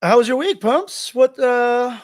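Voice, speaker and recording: A man's voice: very high-pitched, lively intonation, unhurried. A man co-hosting a podcast in casual chat, loose and joking, often restarting his sentences. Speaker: podcast co-host.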